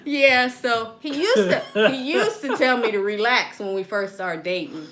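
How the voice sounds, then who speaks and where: A high, bright, very lively woman's voice with a Southern US accent. She tells stories in casual conversation, laughing often and acting out what people said. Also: measured pace. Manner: animated, laughs often, acts out quotes. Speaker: podcast host. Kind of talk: casual storytelling chat.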